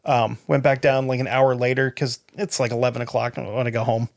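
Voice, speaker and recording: A man with a mid-range voice tells a story in casual podcast talk. He is blunt and swears freely, keeping the telling quick and plain. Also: mid-range voice, little pitch movement, creaky. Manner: blunt and profane.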